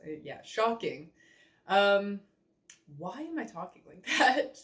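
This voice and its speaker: A woman's voice: mid-range voice, sing-song, takes it slowly, long pauses, a bit bright. A young woman rambling chattily in a casual reaction vlog, full of fillers and self-mockery. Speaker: vlogger.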